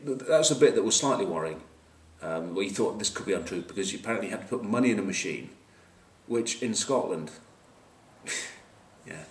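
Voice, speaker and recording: A man giving a casual rugby match preview, wry and joking, with lots of fillers and asides, recorded on a camcorder at a distance. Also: fairly low pitch. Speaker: rugby pundit. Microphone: camcorder mic at a distance. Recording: roomy, distant camcorder sound.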